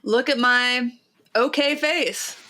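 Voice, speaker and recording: A woman's voice: a little high, takes it slowly, sharp tone. A woman with a nasal voice co-hosting a podcast in casual, chatty, self-deprecating talk. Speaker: podcast co-host.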